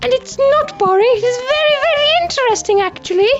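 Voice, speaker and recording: A man doing a shrill bossy schoolgirl. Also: expressive, a little fast. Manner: scolding, lecturing, very high-pitched. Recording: dull lo-fi audio with faint music.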